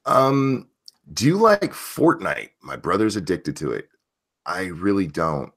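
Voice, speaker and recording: Deep-voiced man, blunt casual streamer. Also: very animated, slow pace, a bit bright, breathy edge. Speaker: streamer host reading chat. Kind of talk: casual livestream chat.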